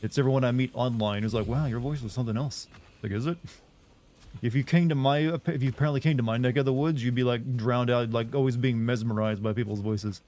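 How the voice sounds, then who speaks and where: A man's voice: medium pitch, steady tone, fast talker, a little mellow. Rambling young man with a faint Southern lilt. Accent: subtle Southern US. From American South. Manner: rambling, chatty, self-deprecating. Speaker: streamer. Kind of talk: casual gameplay commentary.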